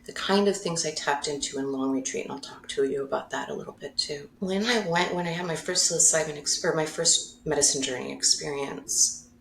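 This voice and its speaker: In a roomy-sounding recording with slight hiss or hum, a woman who works as a mindfulness facilitator shares a personal story on a podcast. She speaks briskly in a low, somewhat bright voice, emotional and open, laughing frequently and self-correcting.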